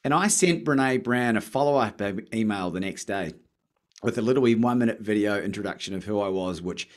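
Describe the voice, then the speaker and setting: A man from Australia with an Australian accent, a podcast guest telling his story in casual chat, lively and acting out phone calls. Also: lowish voice, brisk. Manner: animated, acts out phone calls with rising excitement.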